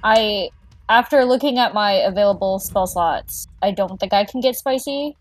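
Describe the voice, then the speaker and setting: A woman's voice: mid-range voice, normal speed, faint music behind. A woman playing in a tabletop game, talking casually and hesitantly, with many trailing fillers. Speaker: player.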